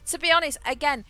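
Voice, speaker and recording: A woman's voice: high voice, sharp tone, dry recording. A woman streaming a game, chatting frankly, swearing freely and laughing often. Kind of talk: casual chat while gaming.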